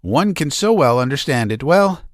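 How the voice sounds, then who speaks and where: A man's voice: medium pitch, very animated, normal speed, no echo, clean studio sound, pitched above the performer's own voice, natural voice. A male narrator voicing a gossipy older lady soothing a young woman in a storybook reading.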